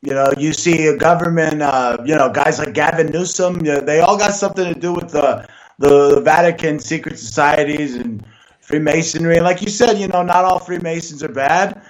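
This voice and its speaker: A man's voice: fairly high pitch, normal speed, poor audio. A man hosting a talk show, talking in a loose, opinionated way full of fillers. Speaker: show host. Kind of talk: casual talk show conversation.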